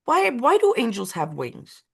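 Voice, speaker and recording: A woman's voice: on the high side, wildly swooping pitch, measured pace, gravelly, husky. Woman, co-host, casual storytelling, emotional, repeats herself, pace speeds and drags. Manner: emotional, repetitive, uneven pace.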